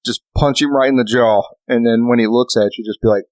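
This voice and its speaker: A man's voice: medium pitch, fairly even intonation, brisk, a little mellow, no room sound. A man co-hosting a podcast in casual chat, profane and rambling, acting out quotes as he talks. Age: adult, a parent. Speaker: podcast co-host.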